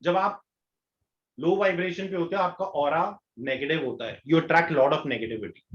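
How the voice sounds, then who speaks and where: A man with an Indian English accent coaching an online workshop, pitched a little high and speaking earnestly. He keeps posing rhetorical questions to his listeners. The sound is roomy and dull, like lo-fi webinar audio. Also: rapid-fire. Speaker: law of attraction coach.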